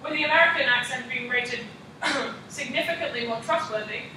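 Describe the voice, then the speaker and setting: A woman's voice: sits high, normal speed, background noise. A young woman, a student, practicing a class presentation and reading from prepared slides with frequent ums. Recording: echoey room, mic far off.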